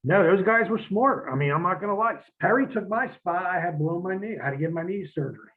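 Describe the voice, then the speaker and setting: High-pitched and quick, this former pro wrestler's voice comes through tinny phone-line audio. In a casual shoot interview, he tells blunt stories laced with profanity and acts out old arguments.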